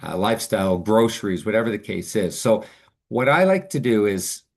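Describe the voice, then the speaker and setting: A man's voice: fairly low pitch, lively intonation, normal speed, creaky. A man presenting as a financial advisor in a webinar, explaining options in an earnest, upbeat way.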